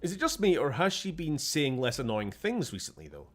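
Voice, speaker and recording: A man's voice: a little high, sing-song, fairly quick, fairly bright tone, faint music behind. A young Scottish man streaming a game, chatting casually, muttering to himself and swearing under his breath with a sarcastic edge. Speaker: gaming streamer. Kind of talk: casual gameplay commentary.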